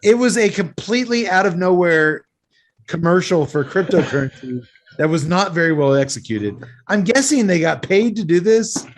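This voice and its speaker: A man hosting a podcast and recapping an action movie in lively, sweary casual chat, a little tipsy from several beers. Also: high-pitched, moderate pace. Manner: animated, sweary storytelling recap. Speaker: podcast host recapping a film.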